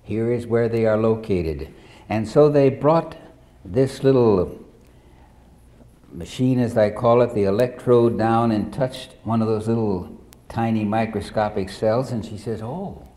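A man preaching a sermon as pastor, telling a story in a measured way and speaking directly to the congregation. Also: on the low side, dark tone.

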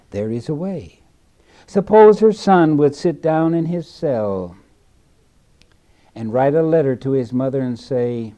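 A man preaching a sermon in a slow, deliberate way, dropping to a hush and then rising loud again. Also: mid-range voice, muffled recording.

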